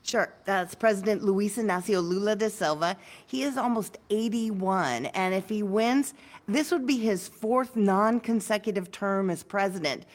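A woman correspondent delivering a radio news report in a measured, clear way. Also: mid-range voice. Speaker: foreign correspondent.

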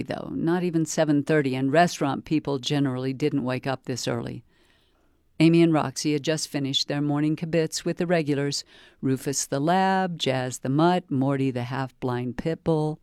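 A woman librarian introducing a program and reading the first page of a novel aloud in a calm, measured way. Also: low-pitched, dry recording, clean studio sound. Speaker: librarian reading a book excerpt. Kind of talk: read-aloud book narration.

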